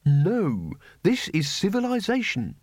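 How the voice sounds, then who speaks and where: A man's voice: high-pitched, wildly swooping pitch, slow, darkish tone, breathy edge, no echo, studio quality, voice pushed up, full character voice. A man voicing a fussy, polite middle-aged schoolteacher who speaks patiently to unruly pupils in an audiobook.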